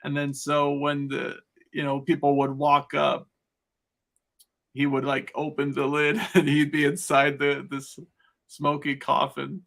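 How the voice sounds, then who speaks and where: A man's voice: fairly high pitch, monotone, unhurried, creaky, fairly bright tone. A man guesting on a podcast, telling stories in a rambling, casual way and laughing often between phrases. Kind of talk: casual chat.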